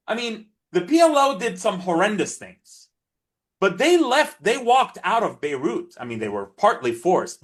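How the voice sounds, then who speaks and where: Interview guest: a fired-up man with a raised pitch, quick to mock the voices he quotes. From Palestinian diaspora. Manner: animated, mocking quoted voices, frequent restarts. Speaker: interview guest, peace advocate. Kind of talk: impassioned interview talk.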